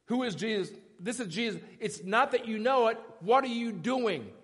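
A man's voice: sits high, animated, moderate pace, slightly rough. A male pastor preaching a sermon in a conversational, emphatic way, often stopping to ask questions. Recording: echoey church hall.

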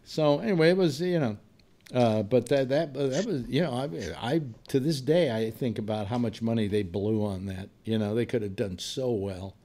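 A man's voice: mid-range voice, moderate pace, warm tone. A man in his seventies hosting a casual panel chat, telling long rambling stories from his past. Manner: rambling anecdotal storyteller. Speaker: radio show host.

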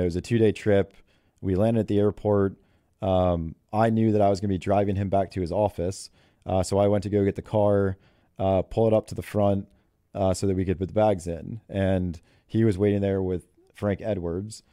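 A man's voice: deep voice, level tone, moderate pace, warm tone, no echo, clean studio sound. A man who is a head golf coach, telling stories in an interview in a chatty way and laughing often. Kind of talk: interview storytelling.

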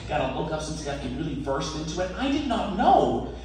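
A man's voice: a little high, big pitch swings, fairly quick. A man hosting a stand-up comedy show, rambling and self-deprecating, laughing through his lines. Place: live comedy venue on stage. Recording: echoey room, distant mic, loud noise.

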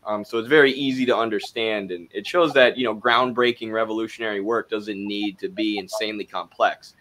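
A man with a Wisconsin accent talks casually as a co-host. His voice sits a little low, and his speech is loose and chatty, full of fillers. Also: steady tone, a little fast, fairly bright tone. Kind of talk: casual discussion.

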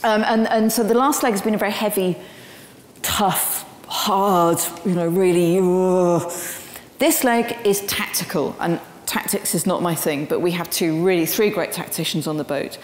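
A woman giving a public lecture, telling her story in a lively way with frequent ums. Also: lowish voice, moderate pace. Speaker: guest speaker. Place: lecture hall. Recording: roomy hall with long reverb.

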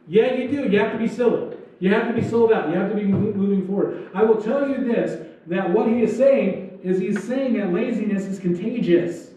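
A man's voice: high-pitched, brisk, few pauses, mellow. A man preaching a sermon as pastor, in a loose, joking style with acted-out asides. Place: church sanctuary. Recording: echoey church hall, distant dull mic.

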